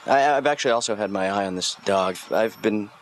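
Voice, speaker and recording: A man plays a sardonic, drifting son in an animated comedy. He mumbles dryly in a lowish voice, with a faint hiss behind him. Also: fairly quick, lightly acted. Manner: droll, mumbling monotone. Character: sardonic, aimless young adult son.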